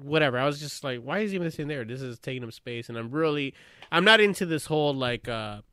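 A man's voice: medium pitch, lively intonation, fast talker, pushed and bright, clear, resonant tone, no room sound, studio quality. A man hosting a podcast, telling rambling stories full of filler words and swearing, and laughing often as he talks. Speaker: podcast host. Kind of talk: casual podcast chat.

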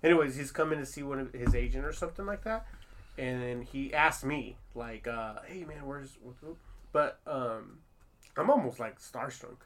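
Bright-voiced man in animated casual chat. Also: mid-range voice, moderate pace, a little hiss or hum. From Long Beach, California. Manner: animated storyteller, many fillers.

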